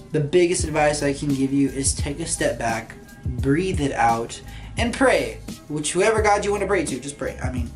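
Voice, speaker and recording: A woman vlogging to her camera in casual chat. She is animated and sassy, and swings between loud bursts and quiet asides. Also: lowish voice.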